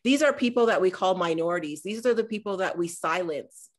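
A woman in her forties, an author talking on a panel over a video call, animated and acting out the voices in her stories. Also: lowish voice, fairly quick. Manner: animated storyteller acting out dialogue. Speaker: author and former politician. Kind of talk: conversational talk on a panel.

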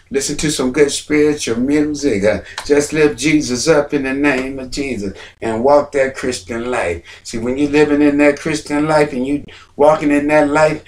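A man preaching a sermon on giving, repeating phrases and climbing to near-shouts. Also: on the high side, far from the mic.

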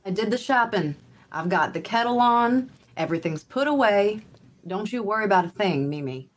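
A woman playing a calm, patient granddaughter. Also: fairly low pitch, measured pace. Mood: soothing. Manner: calm, reassuring, soothing. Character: patient young granddaughter caring for her grandmother.

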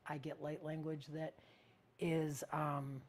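A woman teaching spiritual practice in a casual, meandering way, often searching for words and sometimes dropping to a hush. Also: low-pitched, flat delivery, slow pace.

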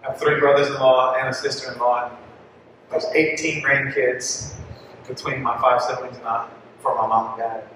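A man's voice: medium pitch, level tone, moderate pace, bright, forceful tone, slight background noise. Man telling a story in an echoey hall. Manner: heartfelt storytelling, casual phrasing with many likes and restarts. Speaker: parish speaker at a family catechesis talk. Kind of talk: personal testimony talk. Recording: echoey hall, mic far off.

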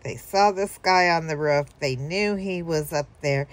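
A woman's voice: deep voice, unhurried, hardly any pauses. A woman telling a story casually to her viewers, rambling with fillers and chuckling now and then. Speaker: vlogger.

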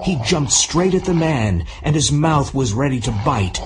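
A man narrating a simple audiobook for English learners, reading clearly and deliberately. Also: medium pitch, lively intonation, noisy background.

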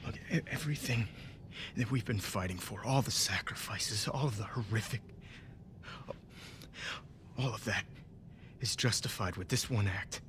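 An actor voicing a determined surgeon and father in a video game, speaking in a measured, persuasive way. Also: lowish voice, lightly acted. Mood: firm. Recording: game audio with background noise.

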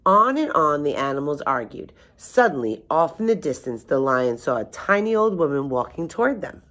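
A woman with a low voice reads a children's picture book aloud. Her pitch rises and falls a lot as she tells the story expressively. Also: big pitch swings, normal speed, fairly bright tone.

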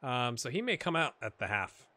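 A man giving casual, rambling commentary over a football management game, with sudden excited outbursts and a slightly rough throat. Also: mid-range voice, normal speed, dry recording. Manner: rambling, excitable bursts over match play. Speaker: gaming commentator. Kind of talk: casual let's-play commentary.

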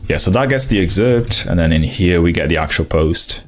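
A young man streaming his coding session, thinking aloud in halting restarts and chatting with viewers. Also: deep voice, lively intonation, soft background music. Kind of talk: casual live-coding stream.

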